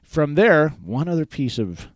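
A man's voice: a little high, big pitch swings, measured pace, no echo. A man hosting a podcast in a casual, rambling way, with plenty of fillers and restarts. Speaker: podcast host. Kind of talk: casual talk-show chat.

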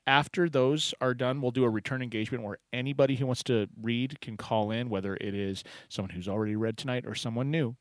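A man's voice: medium pitch, fast talker, hardly any pauses, dry recording. A man hosting a poetry open mic call-in show, chatty and welcoming, with frequent fillers.

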